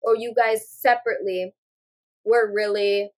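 A woman's voice: mid-range voice, steady tone, measured pace, darkish tone. A woman co-hosting a podcast, reasoning aloud in casual chat with many fillers. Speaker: podcast co-host.

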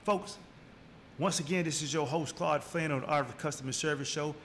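A man hosting a podcast, giving a preachy motivational talk, repeating key lines and building from slow and low to loud and high. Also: noisy background. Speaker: podcast host.

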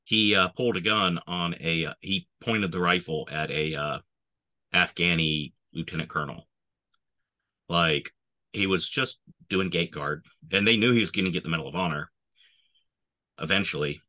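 Low, bright-voiced swearing army veteran. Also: male voice, moderate pace. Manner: profane, swears constantly. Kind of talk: casual war storytelling.

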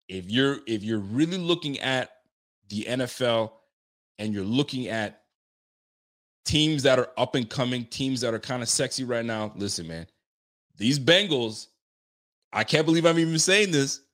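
Excitable man hyping his football team. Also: mid-range voice. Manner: excitable, swears, laughs often, fast slangy talk. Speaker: live-stream sports talk host. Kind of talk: casual live-stream chat reading viewer comments.

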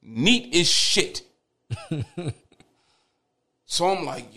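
A young man with a gravelly, fry-edged voice tells stories as a podcast guest. His delivery is animated and profane, often breaking into laughter, and it swings between loose, easy chat and bursts of loud retelling. His voice sits at a middle pitch. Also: a little fast. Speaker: podcast guest, father of twins. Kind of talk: casual podcast storytelling.

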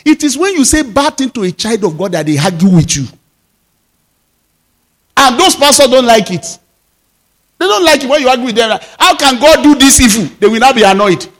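A man with a Nigerian accent, a pastor preaching and telling lively personal stories in a sermon, slipping into Yoruba. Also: very high voice, a little fast, long pauses. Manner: lively storytelling, mixes English with Yoruba. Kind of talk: sermon storytelling.

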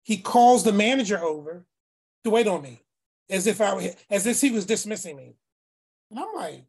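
A man casually telling a story in a class over a video call. He talks in an animated way and acts out the other people in his story. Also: high voice, moderate pace, gravelly, breathy edge. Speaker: class participant.

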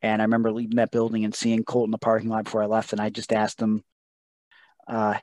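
A man's voice: fairly low pitch, completely flat delivery, fast talker, a little mellow, dry recording. A man in his thirties, a wrestler as podcast guest, telling a personal story in an earnest, emotional way, acting out what others said. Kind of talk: casual storytelling interview.

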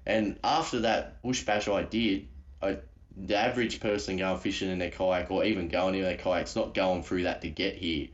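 Aussie bloke calling in, real low voice, rambly slangy storytelling, muffled lo-fi line. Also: male voice, steady tone, normal speed. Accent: Australian. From Australia. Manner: rambling, slangy, many restarts. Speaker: guest caller. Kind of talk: casual storytelling.

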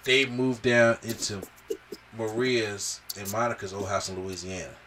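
A fairly low, slightly slow male voice comes through from a distance with a little hiss or hum. On his podcast, the host chats casually about a film, recapping it with animation and acting out the dialogue.

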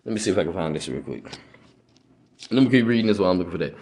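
Slangy animated male podcast preacher. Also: deep voice, rapid-fire, reverberant, a little hiss or hum. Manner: preachy, repeats "right?", reads aloud with stumbles; slangy street speech. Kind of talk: informal religious teaching.

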